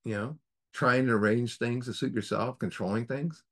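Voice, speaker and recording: A man's voice: medium pitch, normal speed, a bit bright. A man leading a recovery group study, teaching earnestly in a preacher-like way and asking the group rhetorical questions.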